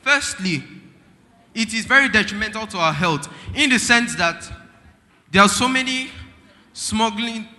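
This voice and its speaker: A teenage boy with a Nigerian accent argues in a school debate. His voice is rather high and sharply bright. He speaks earnestly, often halting to restart, with a long hall reverb around him. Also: lively intonation. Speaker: student debater. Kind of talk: formal school debate speech.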